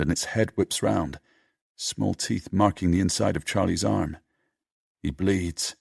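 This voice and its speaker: A man narrating an audiobook in a steady, measured storytelling manner. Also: deep voice, gravelly, breathy edge, dry recording, clean studio sound.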